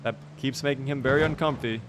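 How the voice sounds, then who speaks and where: A man's voice: mid-range voice, steady tone, quick pace, a little hiss or hum. A man streaming a game live, chatting casually, teasing his character and answering his chat.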